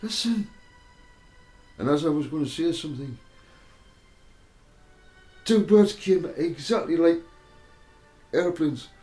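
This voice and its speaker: A man telling a personal spiritual testimony, halting and repeating himself as he goes. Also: on the high side, lively intonation, warm tone. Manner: halting, repeats words and restarts often. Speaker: storyteller giving a spiritual testimony. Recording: roomy echo with faint music behind.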